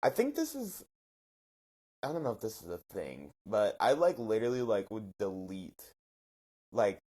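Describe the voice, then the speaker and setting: A man's voice: lowish voice, huge pitch swings, normal speed, mellow. A man co-hosting a casual comedy podcast, joking and profane, with a few words pronounced oddly. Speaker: podcast co-host. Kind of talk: casual chat.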